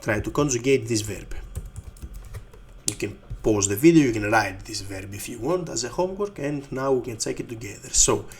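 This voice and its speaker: A man with a Greek accent teaching a language lesson, repeating each word slowly and patiently. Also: medium pitch, lively intonation, slight background noise.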